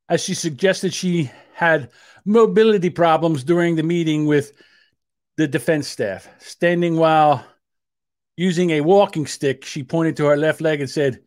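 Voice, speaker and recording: A man's voice: fairly high pitch, measured pace, no room sound, studio quality. A man co-hosting a casual podcast, rambling and joking and laughing often. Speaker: podcast co-host.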